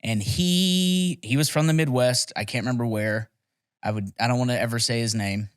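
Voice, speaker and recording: In a podcast studio, a young man tells rambling, profane stories during a casual chat, laughing along the way. His medium-pitched voice comes through clean and echo-free in studio quality, at a moderate pace.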